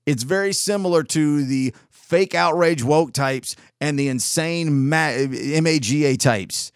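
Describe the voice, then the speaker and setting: A man's voice: fairly high pitch, measured pace, smooth, no echo, clean studio sound. A man talking in a casual, rambling monologue, exasperated and full of restarts.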